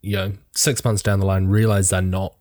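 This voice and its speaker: A man's voice: low-pitched, level tone, normal speed, darkish tone, dry recording, studio quality. A young adult man, a wedding photographer with a sore throat, chatting casually with a rambling, hedging manner. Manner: rambling, hedging, many fillers. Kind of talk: casual podcast chat.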